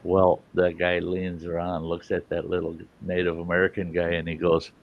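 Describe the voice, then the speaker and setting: A man's voice: low-pitched, monotone, moderate pace, phone-quality sound. A man telling a rambling, profane anecdote in a casual, chuckling way, as the host of a storytelling show.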